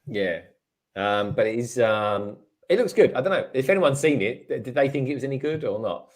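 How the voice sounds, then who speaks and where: A man's voice: mid-range voice, animated, moderate pace. A man, a guest on a live stream, bantering and joking in casual chat. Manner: jokey, bantering. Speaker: guest builder.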